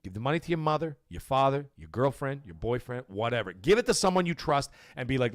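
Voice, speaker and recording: A man hosting a gaming livestream, ranting in a casual, animated way with big jumps in pitch and loud bursts, swearing freely. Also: fast talker, hardly any pauses, dry recording.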